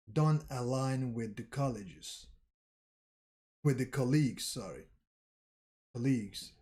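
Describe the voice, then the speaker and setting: A man voicing a confident, carefree woman sorcerer, reading her lines slowly and plainly with little change to his voice. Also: medium pitch, a little mellow.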